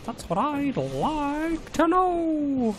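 A man putting on the high, excited voice of a male frog puppet while streaming a game. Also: extremely slow, heavily acted. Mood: giddy. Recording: game music playing behind.

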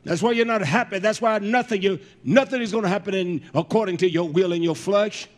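A man preaching a fiery sermon, emphatic and blunt, often shouting and filling pauses with "uh". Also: high-pitched. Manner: fills pauses with "uh" and repeated words.

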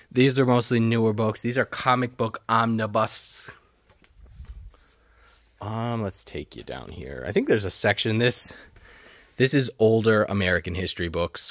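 A man's voice: low voice, fairly bright tone, no room sound. A bookstore owner walking through his shop, rattling off book sections and humming little filler tunes as he goes. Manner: rapid listing, hums filler tunes. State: out of breath. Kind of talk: walking store tour.

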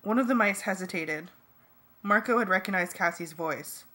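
A woman reading a first-person novel aloud as an amateur audiobook, in a plain, steady manner. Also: medium pitch, moderate pace. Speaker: audiobook reader.

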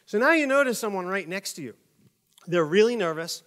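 A middle-aged male pastor preaching a casual sermon, telling a comic story with quick asides and acted-out voices. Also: high-pitched, expressive, a bit bright. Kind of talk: conversational sermon.

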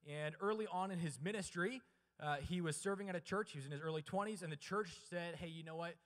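A man delivering a chapel sermon, shifting from hushed, low passages to loud, high, emphatic preaching and calling on the audience to answer. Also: fast, long reverb tail. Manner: asks the audience questions and urges them to answer. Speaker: chapel speaker. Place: college chapel.

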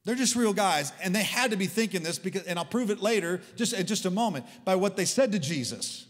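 A man preaching a sermon in a church, talking in an animated, conversational and humorous way with sarcastic asides. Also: high voice, brisk, long reverb tail. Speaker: guest preacher. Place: large church hall.

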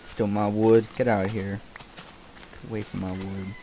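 A young man giving casual, distracted commentary while he plays a game. He swears often and keeps yelling at the animals and characters on screen. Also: fairly low pitch, level tone, moderate pace, slight background noise. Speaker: gameplay commentator.

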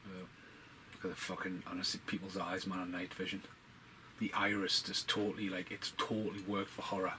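A man giving casual, profane, rambling commentary over a film, getting excitable as he talks. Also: deep voice, a little fast, a little hiss or hum, poor audio.

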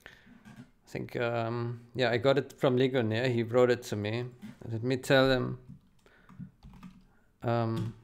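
A man with a gravelly, creaky voice at an ordinary middle pitch, talking casually and haltingly. He stumbles over his words and repeats phrases again and again, like someone overwhelmed with joy. It sounds like a quick, unscripted vlog recording. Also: flat delivery. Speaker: game modding developer.

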